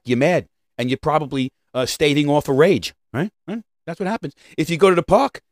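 On the high side, this man's voice carries a casual podcast rant with no room sound. He's animated, keeps tossing in "right?" to check in, and swears occasionally.

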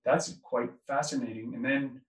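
Man, doctor, mid-pitched, rambling conversational delivery, echoey and off-mic. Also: fairly even intonation, normal speed, distant mic. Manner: rambling, restarts often. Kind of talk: casual political conversation.

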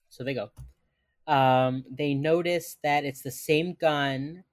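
A woman's voice: low voice, slow pace, no echo, studio quality. A woman co-hosting a casual podcast, retelling a TV episode and acting out characters' lines as she goes. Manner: animated, acts out characters' lines while retelling. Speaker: podcast co-host recapping a TV episode. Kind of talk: casual chat.

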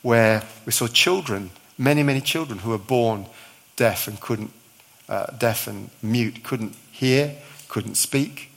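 A man's voice: mid-range voice, slow, vocal fry, a bit bright. A middle-aged male visiting preacher giving a sermon, telling a story with acted-out dialogue and touches of humour.

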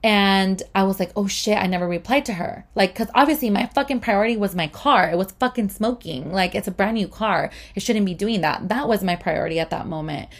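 A woman's voice: mid-range voice, fairly quick, few pauses. A young woman in casual storytime talk, chatty and full of swearing and "like". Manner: chatty, swears a lot, uses "like" often. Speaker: vlogger.

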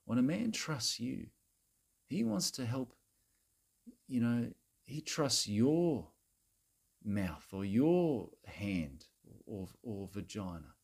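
A man doing a gravelly Australian bloke. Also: medium pitch, very animated, slow, pauses often, a little mellow, full character voice. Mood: preachy rant. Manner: rambling, repetitive, peppers every phrase with mate and bloody. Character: crude self-righteous Australian bloke lecturing women. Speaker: comedy character monologue. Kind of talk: satirical rant to camera.

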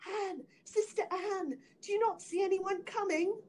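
A woman voicing a frightened young noble wife who pleads for her life in a high, anxious voice. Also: fairly even intonation, a little slow, a little mellow. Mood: desperate.

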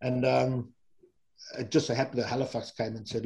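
Mellow-voiced middle-aged Englishman telling stories. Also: medium pitch, moderate pace, vocal fry, poor audio. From England. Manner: relaxed, rambling, with fillers and self-corrections. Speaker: guest, former rugby player. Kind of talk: casual anecdotal storytelling.

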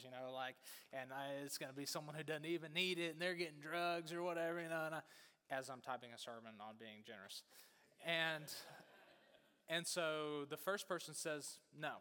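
Male pastor, casual storyteller, higher voice, church-hall reverb. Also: moderate pace, clear, resonant tone. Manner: chatty, animated storyteller, lots of fillers.

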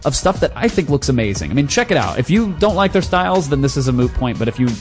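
A man's voice: medium pitch, sing-song, quick pace. Male podcast host, casual and jokey, swears freely, medium voice, faint music bed. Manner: loose, joking, swears freely. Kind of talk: casual chat and ad read.

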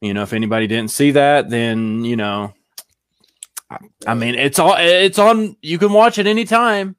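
A man's voice: mid-range voice, moderate pace, fairly bright tone, smooth, no echo, studio quality. A man co-hosting a casual podcast, talking in an easygoing way and chuckling often. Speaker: podcast co-host and show producer.

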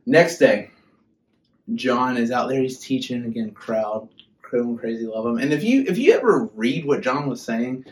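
A young man giving a casual, humorous sermon as a youth pastor, chatty and animated. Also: medium pitch, measured pace.

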